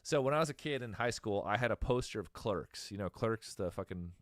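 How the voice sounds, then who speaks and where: A fairly low-voiced man in his thirties talks in a loose, rambling way, swearing freely and laughing at his own stories. The sound is dry and close, with no room echo. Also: expressive. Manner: rambling, profane, quick to laugh. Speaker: podcast host. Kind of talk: casual chat.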